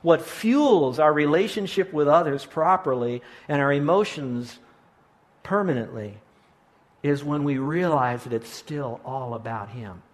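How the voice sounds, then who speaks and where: A man's voice: on the high side, lively intonation, a little slow. A middle-aged male pastor preaching a sermon, earnest and pastoral, often restarting his sentences.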